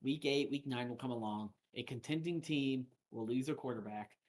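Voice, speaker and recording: A man with an ordinary mid-pitched voice talks through his fantasy football picks in a relaxed live-stream chat. He rambles a bit, circling back with fillers and restarts. He sounds like he is at home, close to a desk mic. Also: normal speed. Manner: loose, filler-heavy analysis with frequent restarts.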